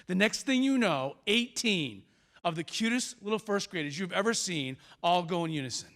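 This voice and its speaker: A man with a fairly high voice giving a motivational talk on a school auditorium stage. He tells stories dramatically, acts out the characters, and leans on big pauses for effect. He speaks into a stage microphone. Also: animated, a bit bright. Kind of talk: animated storytelling talk.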